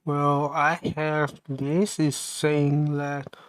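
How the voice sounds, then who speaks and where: A man livestreaming while he programs, thinking aloud in a mumbling, halting way and questioning himself as he goes. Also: a little high, flat delivery, clear, resonant tone, no echo.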